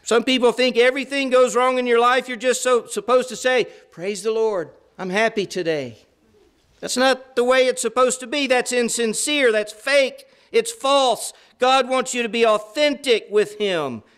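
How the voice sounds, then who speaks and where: Man, preacher, middle-aged, sermon, very high pitch, clear resonant tone, conversational and emphatic. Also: steady tone, moderate pace, few pauses, a bit bright. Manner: earnest, conversational, with emphatic repetition.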